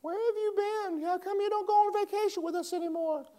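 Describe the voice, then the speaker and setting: A preacher mimicking a shrieking nagging family. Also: male voice, very high voice, fairly even intonation, fairly quick, warm tone, voice pushed up. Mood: shrill.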